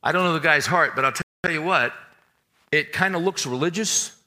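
A middle-aged male pastor preaching a sermon in a conversational way, moving between loud emphatic points and quiet, intimate passages. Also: on the high side, moderate pace.

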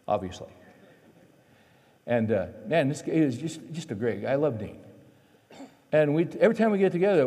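A man preaching a sermon, telling a personal story in an animated way, his voice climbing as he acts out his frustration. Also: medium pitch, in a large hall.

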